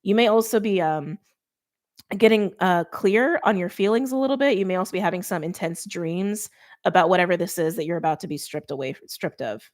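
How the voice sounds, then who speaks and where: A woman giving a casual tarot reading straight to her viewers, chatty and informal, with quick laughs and lots of "like". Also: on the low side. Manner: talks straight to viewers by sign. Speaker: tarot reader.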